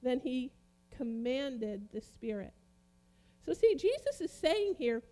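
A woman preaching a sermon, reading Bible passages aloud and explaining them with emphatic, dramatic pauses. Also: high voice, sing-song, mellow.

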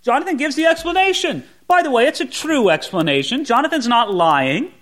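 A man's voice: very high voice, sing-song, brisk, a bit bright. A man preaching a Bible sermon as a pastor, often putting rhetorical questions to his listeners.

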